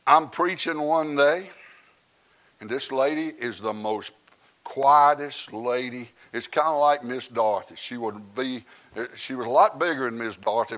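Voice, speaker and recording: A man, preaching a sermon that swings from quiet asides to loud shouted preaching. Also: mid-range voice.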